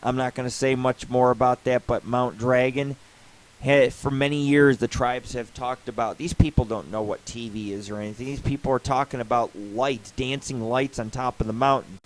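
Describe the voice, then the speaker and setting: A man's voice: medium pitch, steady tone, a little fast, few pauses, rough recording. A man hosting a live internet radio show, rambling casually with lots of swearing and asides. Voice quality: profane, rambling storyteller.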